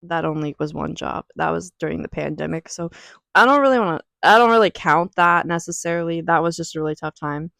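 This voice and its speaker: A woman's voice: on the low side, lively intonation, a little fast, vocal fry, a bit bright, no echo. A young woman talking in an emotional, rambling way in a personal vlog at home, near tears. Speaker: vlogger.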